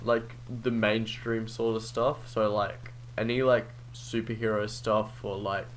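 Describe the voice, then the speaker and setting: A man's voice: lowish voice, little pitch movement, unhurried, slight background noise, low-quality recording. A young man co-hosting a podcast in a laid-back, easygoing casual chat. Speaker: podcast co-host.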